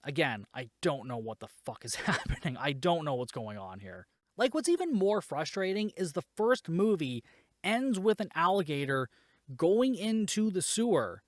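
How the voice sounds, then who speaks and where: A man's voice: on the high side, sing-song, normal speed, no echo, clean studio sound. A man hosting a podcast, recapping a film in a casual, rambling way, exasperated and swearing, with lots of fillers. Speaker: podcast host.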